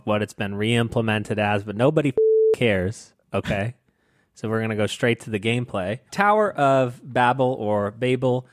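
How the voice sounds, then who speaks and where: A sarcastic, animated man explains a board game on a podcast. His middle-pitched voice sounds dry and close to the mic, with no room around it. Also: no echo. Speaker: podcast co-host.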